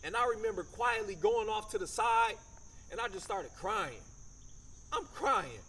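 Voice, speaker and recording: A man with a fairly high, light voice gives a motivational talk, telling his own story in a loose, conversational way. He is from Michigan and talks in slang. Faint crickets chirp behind him. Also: normal speed, a bit bright, slight background noise. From Michigan, USA. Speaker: motivational speaker.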